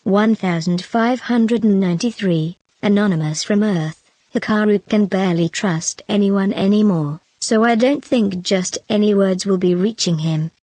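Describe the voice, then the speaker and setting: A woman's voice: mid-range voice, normal speed, dark tone, dry recording. Woman reading a web novel, dry sound. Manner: reads numbered online comments one after another. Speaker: narrator.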